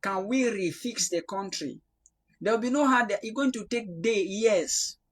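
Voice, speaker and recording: A young Cameroonian man from the Northwest preaching a prophetic sermon, swinging from loud rebuke to quiet prayer. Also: high voice, a little slow, husky. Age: young adult.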